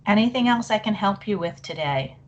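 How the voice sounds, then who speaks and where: Middle-aged lady running a teacher webinar on a computer mic, chatty and apologetic, voice a bit wavery, throat clearing, faint hum behind. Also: mid-range voice, animated, fairly quick. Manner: chatty, apologetic, thinking aloud while clicking. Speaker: online presenter for teachers. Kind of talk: live webinar presentation.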